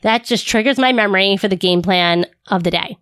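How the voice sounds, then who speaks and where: A woman's voice: medium pitch, brisk, fairly bright tone, dry recording, clean studio sound. Upbeat woman speech therapist teaching. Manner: upbeat, rhetorical questions, acts out student voices. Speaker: speech-language pathologist. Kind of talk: instructional talk to fellow clinicians.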